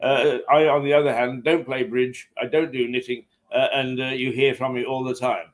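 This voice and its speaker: A man's voice: medium pitch, flat delivery, normal speed. Man hosting a casual chat. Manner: hesitant, full of fillers and restarts. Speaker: host. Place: hotel.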